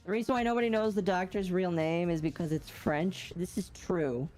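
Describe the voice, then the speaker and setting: A woman with a lowish voice chats casually while she streams a game. She answers her chat and makes playful jokes. Faint game music plays underneath her. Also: steady tone, moderate pace, darkish tone. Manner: chatty, reads and answers chat, playful puns.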